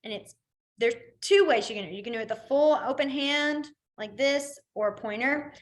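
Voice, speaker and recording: A woman's voice: high-pitched, moderate pace. A young adult woman teaching a sign language class online, chatty and rambling, with many fillers and easy laughter.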